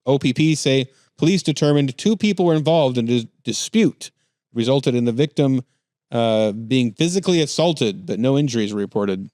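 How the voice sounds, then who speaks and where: A man co-hosting a comedy podcast, reading out a news story and cracking jokes as he goes. His voice sits at an ordinary middle pitch. It is recorded close and dry, with no room sound. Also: moderate pace, warm tone, no room sound. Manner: jokey, laughs often, reads headlines aloud. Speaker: podcast host. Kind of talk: casual comedic news chat.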